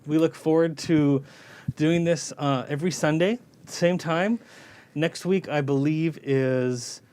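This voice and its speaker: A man from a string quartet hosting a casual livestream, talking in a relaxed way with small hesitations. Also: on the high side, takes it slowly, smooth.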